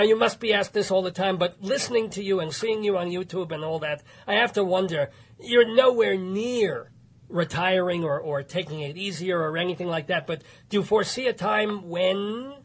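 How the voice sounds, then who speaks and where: A man hosting a radio show, interviewing casually with quick, laughing, apologetic remarks. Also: high voice, breathy edge.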